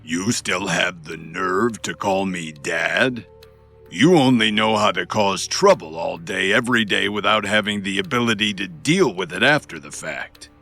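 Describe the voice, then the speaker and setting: A man voicing a stern, arrogant middle-aged chief herbalist with a low, hoarse voice, speaking in a cold, scolding way in an audiobook. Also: expressive, slow pace, pushed and bright, soft background music, exaggerated voice. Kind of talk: audiobook narration.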